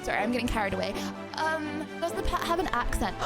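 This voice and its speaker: A young woman streamer chatting casually with her viewers in an excitable, giggly, rambling way. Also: high-pitched, fast talker, over loud music. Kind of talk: casual live-stream chat.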